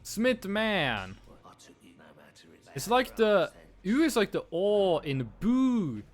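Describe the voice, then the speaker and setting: A man's voice: sits high, very animated, drawn-out words, faint music behind. A man from Estonia, streaming a game and playfully musing aloud over how words are pronounced. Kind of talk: casual live-stream gaming commentary.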